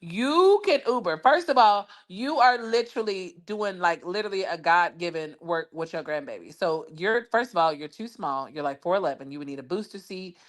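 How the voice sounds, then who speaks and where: A woman's voice: on the low side, animated, normal speed, few pauses. Brash, laughing woman gossiping on stream. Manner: brash, profane, laughing, lots of "child" and "baby". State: injured foot. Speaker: livestream host. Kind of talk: casual gossip chat.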